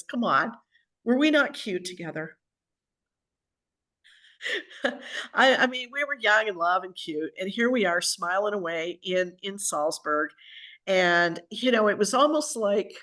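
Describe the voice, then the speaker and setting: An older woman telling a story in a chatty, lively way, her voice sitting at an ordinary middle pitch. She talks as an author would to an audience, acting out what others said as she goes. It is a casual, personal way of speaking. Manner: animated, chatty, acts out what people said. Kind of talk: conversational storytelling talk. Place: at home.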